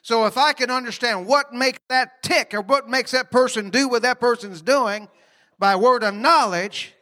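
A man preaching a sermon in a high, bright voice. He talks in a folksy, conversational way, with laughing asides, and keeps asking the congregation questions. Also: normal speed.

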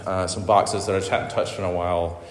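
A man preaching a sermon, earnest and emotional, halting with fillers. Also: low voice, level tone. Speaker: pastor. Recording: echoey hall with long reverb.

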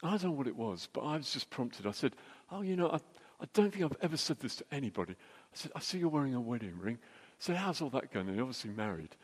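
A middle-aged man telling a jokey, anecdotal story as a church speaker, with quick restarts. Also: mid-range voice, sing-song, slightly rough. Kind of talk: storytelling sermon. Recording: long hall reverb.

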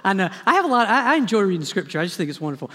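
Man, pastor, animated dramatic sermon, high voice, long hall reverb, church sanctuary. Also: racing. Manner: animated, dramatic preaching with humorous asides.

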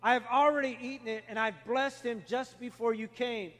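Man doing a grave old blind dad, slow and solemn, big echoey hall. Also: extremely high pitch, steady tone, a bit bright. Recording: long hall reverb.

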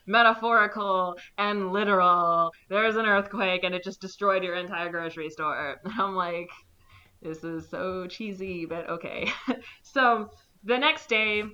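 A woman's voice: mid-range voice, bright, forceful tone, lo-fi sound. A young woman casually recapping a movie plot, rambling with lots of "like" and acting out the characters' lines.

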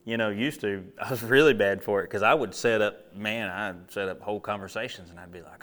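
A man's voice: on the low side, expressive, fairly quick, bright, forceful tone, a little hiss or hum. A man preaching a casual sermon to a live audience. He tells stories, asks rhetorical questions and acts out his own inner dialogue. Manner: conversational storytelling with rhetorical questions.

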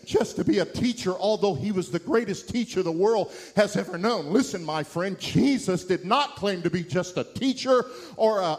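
A middle-aged man preaching an evangelistic sermon, impassioned and building to emphatic peaks. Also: sits high.

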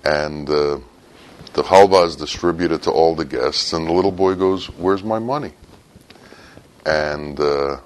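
Man preacher, very low voice, sermon storytelling that rises into sudden emphatic bursts. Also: steady tone, measured pace, clean tone, rough recording. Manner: swings from low and quiet to sudden loud, high bursts.

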